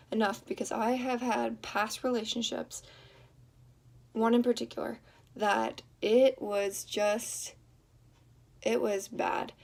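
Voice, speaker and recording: Earnest young woman with gravelly fry. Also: on the high side, darkish tone. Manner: earnest, talks in quick bursts with many fillers and restarts. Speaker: vlogger. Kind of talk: casual advice chat to camera.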